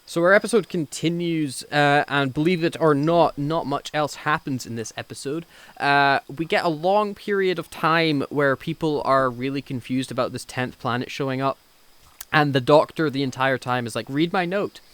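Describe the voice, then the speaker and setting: A man's voice: a little high, normal speed, fairly bright tone, smooth. A man co-hosting a podcast review in loose, profane casual chat, often acting out lines from scenes. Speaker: podcast co-host.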